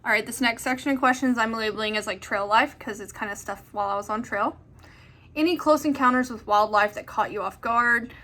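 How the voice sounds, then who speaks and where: A woman's voice: a little high, a little fast, pushed and bright. A young woman answering viewer questions in a chatty, rambling way with lots of fillers. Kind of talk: casual chat.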